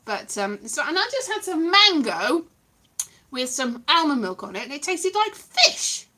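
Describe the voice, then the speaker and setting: A woman's voice: high voice, unhurried. A woman chatting casually to camera in a playful, silly vlog. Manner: playful, animated, silly asides. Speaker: vlogger.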